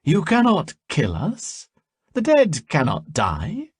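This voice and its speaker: A man's voice: a little high, wildly swooping pitch, slow, husky, dry recording, studio quality, pitched above the performer's own voice, heavily acted. A man voicing the menacing, lonely spirit of a dead father in an audiobook, cold and possessive.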